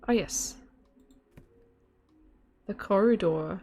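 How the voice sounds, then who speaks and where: A woman chats her way through a live game stream, rambling and giggling as she goes. Her voice sits low with a gravelly fry, and the talk is loose and off-the-cuff, aimed at her viewers. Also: very animated, slow pace, long pauses, a little hiss or hum. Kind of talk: casual live-stream chat while gaming.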